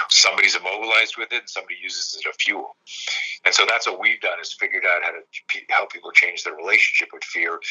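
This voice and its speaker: A man in his fifties, a self-defense coach telling stories in casual conversation, animated and profane, acting out quoted dialogue. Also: low voice, slightly rough, dull audio.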